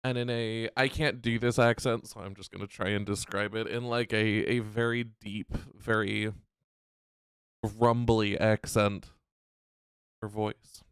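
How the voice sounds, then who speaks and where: A man's voice: on the low side, flat delivery, measured pace, smooth, no room sound, clean studio sound. A man narrating a tabletop role-playing game as game master, describing scenes in a hesitant, descriptive way with frequent restarts.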